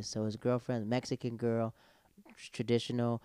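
Brief: lively male storyteller, smooth clear tone, close dry sound. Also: mid-range voice, a little fast, no room sound. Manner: animated storyteller, acts out quotes. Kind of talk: casual chat.

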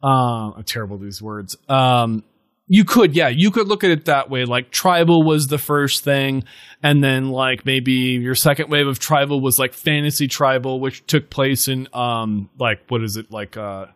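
Male podcast host, loose rambling delivery, mid pitch, dry sound. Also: moderate pace, a bit bright, no room sound. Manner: rambling, full of fillers and self-corrections. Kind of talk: casual chat.

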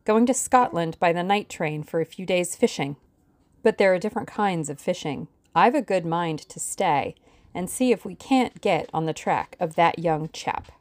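A woman voicing a shrewd older male lawyer who speaks in a calm, dry, authoritative way. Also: lowish voice, normal speed, no echo, natural voice. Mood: measured.

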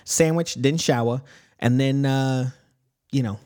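A man's voice: medium pitch, unhurried, a little mellow, lightly acted. A man playing a boastful, dim basement dweller with a Southern accent, rambling and losing his words. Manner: rambling, loses his words, defensive bragging. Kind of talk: improvised comedy character chat.

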